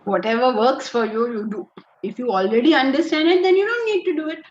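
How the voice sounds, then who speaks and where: A woman with an Indian accent teaching a spiritual lecture, telling stories with lively energy and dropping into Hindi phrases. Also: high voice, fairly quick. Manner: animated storytelling, slips into Hindi phrases. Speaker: Vedanta teacher. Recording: dull lo-fi audio.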